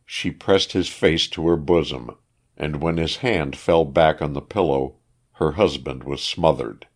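A man narrating an old-fashioned story as an audiobook, telling it in an expressive, unhurried way. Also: rumbling low.

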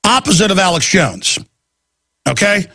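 A man hosting a talk show, ranting in a rambling, excitable monologue full of restarts and stammers. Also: sits high, moderate pace, no room sound, studio quality. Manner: slips into mocking voices for quotes.

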